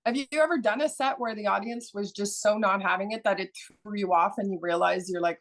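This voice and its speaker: A woman's voice: mid-range voice, fairly quick, few pauses. A woman comedian hosting a podcast, candid and casual, asking eager questions and swearing freely.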